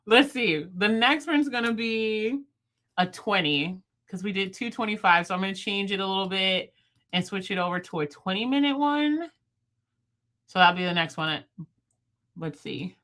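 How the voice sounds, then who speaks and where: A young woman chats on her livestream in a bright, lively voice. She talks fast and playfully, and she laughs often as she talks to her viewers. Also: medium pitch. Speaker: livestream host. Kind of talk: casual livestream chat with viewers.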